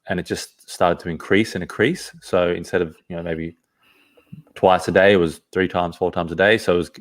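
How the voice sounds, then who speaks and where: A man, a podcast guest, telling a personal story in an earnest, halting way, often restarting his phrases. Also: low voice.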